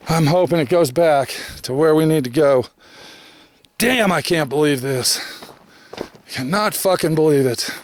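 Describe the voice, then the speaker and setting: Outdoors on a canyon trail, a hiker films his trek on a handheld camera and narrates casually in a somewhat bright, high-leaning voice. Worn out, he keeps grumbling, swearing nonstop and letting out heavy sighs, with a little background noise audible.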